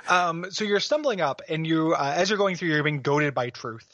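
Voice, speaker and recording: A man's voice: a little high, expressive, moderate pace, fairly bright tone, dry recording, dull audio. A man co-hosting a podcast, recapping a game in casual chat and laughing often at his own jokes. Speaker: podcast co-host.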